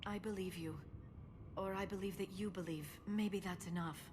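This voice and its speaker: An actress voicing an earnest, worried young scientist in a video game, talking softly. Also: female voice, medium pitch, moderate pace, lightly acted. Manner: soft and worried, self-doubting. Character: earnest young alien woman scientist, anxious. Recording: game audio over steady noise.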